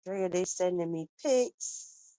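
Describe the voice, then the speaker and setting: A woman hosts a casual livestream, reading comments from chat in a chatty, animated way and calling viewers baby. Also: fairly low pitch, slow, no echo, low-quality recording.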